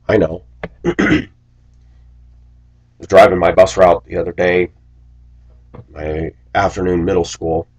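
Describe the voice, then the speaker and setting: A man's voice: deep voice, fairly even intonation, unhurried, long pauses. A man who drives a school bus, telling stories and preaching in a rambling, aggrieved personal monologue. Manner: preachy, aggrieved, storytelling with asides.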